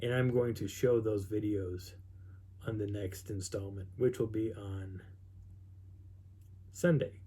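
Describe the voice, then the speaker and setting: A man's voice: fairly low pitch, fairly even intonation, slow pace, long pauses, warm tone, husky. Man telling a rambling story. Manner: rambling, with many restarts and quoted dialogue. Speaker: vlogger recounting an outdoor experience. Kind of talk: casual storytelling.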